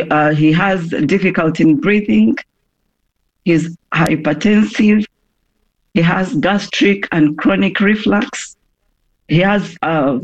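A woman giving a phone interview, hoarse from a cough, speaking haltingly with many pauses and restarts. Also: lowish voice, dull audio. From Uganda.

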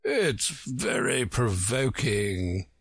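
Male reader doing a pompous, touchy egg, drawn-out and huffy, gravel in the voice, swooping pitch. Storybook. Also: sing-song, fairly bright tone, no room sound, studio quality, exaggerated voice. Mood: haughty. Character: pompous touchy egg-shaped man on a wall. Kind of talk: storybook reading.

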